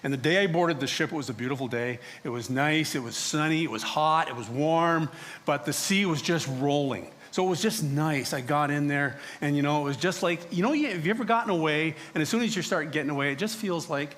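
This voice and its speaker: Male pastor, first-person dramatic sermon storyteller, mid-high voice. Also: fairly quick, a bit bright. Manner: storytelling in character as a biblical prophet, acting out quoted voices. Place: church sanctuary.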